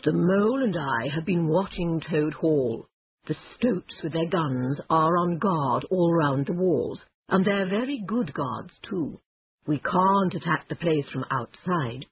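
Woman reader doing storybook badger, old, stern and wise, low and slow, husky. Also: lively intonation, dry recording, exaggerated voice. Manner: deep, slow and grave. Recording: tinny phone-like lo-fi sound.

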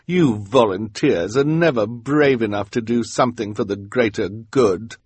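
A man's voice: fairly low pitch, measured pace, darkish tone, breathy edge, no room sound, voice pushed up. A man voicing a haughty, sneering villainous woman with a mocking, nasty tone.

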